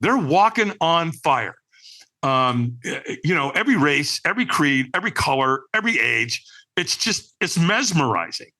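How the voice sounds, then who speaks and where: A man with a fairly high, bright, forceful voice tells a personal story on a podcast. His pitch swoops up and down as he acts out other people's lines and often checks in with "right?". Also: big pitch swings, normal speed. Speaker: podcast guest.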